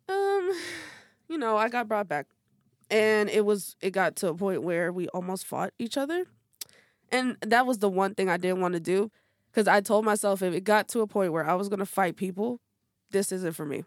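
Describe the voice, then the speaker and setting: A woman's voice: medium pitch, dry recording, clean studio sound. A woman hosting a podcast in casual chat, talking candidly and bluntly and swearing freely. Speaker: podcast host.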